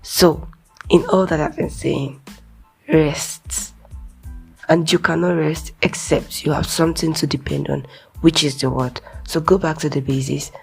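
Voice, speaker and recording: A young woman from Nigeria giving a casual, earnest devotional talk, conversational with soft whispered asides. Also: low voice, expressive, a little slow, vocal fry, husky, soft background music. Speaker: Christian speaker.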